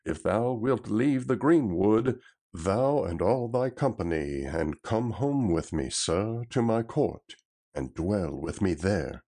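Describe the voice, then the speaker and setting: A man reading the part of a king in disguise, speaking in measured, formal old-fashioned phrasing. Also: fairly low pitch, lively intonation, warm tone, full character voice. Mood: stately.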